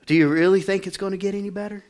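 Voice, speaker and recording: A man preaching a lively sermon in a high voice. He drops to near a murmur and then climbs to full shouts. He keeps calling on the congregation to answer back. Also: racing. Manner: swings from quiet to shouting, call-and-response. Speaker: pastor.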